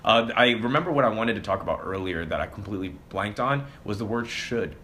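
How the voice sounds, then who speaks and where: Bright-voiced, opinionated man, lightly hissy. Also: on the low side, animated, a little fast. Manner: opinionated, reflective, with fillers. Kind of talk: casual conversation.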